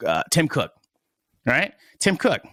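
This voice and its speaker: A man's voice: a little high, wildly swooping pitch, slow, pushed and bright, no room sound. A young man in his twenties chatting as a podcast guest, rambling and searching for words as he goes. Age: 20s. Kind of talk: casual podcast chat.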